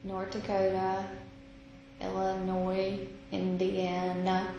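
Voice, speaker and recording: A woman teaching a math lesson, slow and patient, thinking out loud as she works through examples. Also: medium pitch, completely flat delivery, gravelly, lo-fi sound. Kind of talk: recorded classroom lesson. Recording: echoey room with noise.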